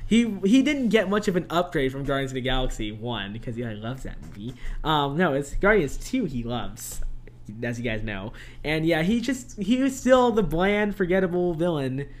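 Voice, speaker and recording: A young man co-hosting a podcast, chatting casually about a movie, animated and laughing often. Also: on the high side, normal speed. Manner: animated, laughs often, quotes lines in funny voices. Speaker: podcast co-host. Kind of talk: casual movie review chat.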